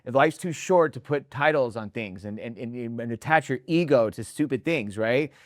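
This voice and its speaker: A man's voice: medium pitch, moderate pace, no room sound, clean studio sound. Intense, emphatic man hosting a podcast. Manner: emphatic and intense, keeps checking in with "right?"; blunt, drops mild swearing for emphasis. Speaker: podcast host and restaurant consultant. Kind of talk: casual interview talk.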